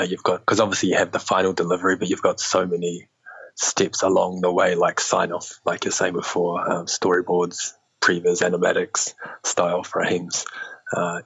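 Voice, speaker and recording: A man's voice: sits low, vocal fry, a bit bright, husky, highs cut off. A man with a New Zealand accent, talking loosely about his creative work in an interview, with lots of restarts and fillers. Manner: rambling, many restarts and fillers, laughs often. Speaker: animation director guest. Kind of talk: relaxed conversational interview.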